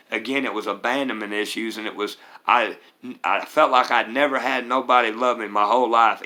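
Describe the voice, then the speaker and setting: Earnest and meandering, a middle-aged man tells of his recovery in a fairly low voice that sounds pushed and bright. Southern US turns of phrase run through this personal testimony.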